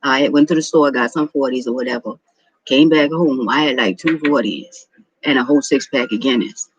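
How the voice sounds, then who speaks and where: A man's voice: medium pitch, fairly quick, breathy edge, dry recording, dull audio. A man in his thirties telling a rambling, profane personal story in a casual monologue. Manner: rambling, profane, repeats himself. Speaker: vlogger.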